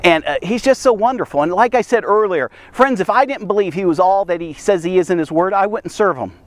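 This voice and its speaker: A man with a fairly high voice preaching a lively devotional message. He speaks emphatically, circles back to the same catchphrases and checks in with his listeners again and again. The sound is dry, with no room echo. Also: fairly quick. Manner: emphatic and repetitive, frequent "okay?" and "here's the thing".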